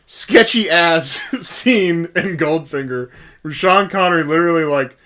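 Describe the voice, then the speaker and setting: A man's voice: a little high, a little slow, fairly bright tone. A man co-hosting a casual movie review podcast, retelling scenes and acting out quotes between laughs. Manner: storytelling, acts out quotes, laughs. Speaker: podcast co-host.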